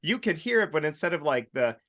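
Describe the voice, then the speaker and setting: A man hosting a casual chat show, telling stories in a lively way and acting out the voices of the people in them. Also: a little high, a little fast. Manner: animated storyteller, acts out quoted voices. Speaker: host.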